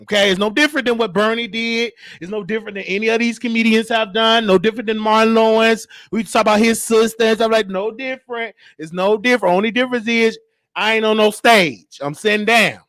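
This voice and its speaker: High-pitched animated man telling stories. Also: fairly quick, dry recording, clean studio sound. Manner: animated, acts out quotes, frequent laughter. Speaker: host. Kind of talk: storytelling monologue.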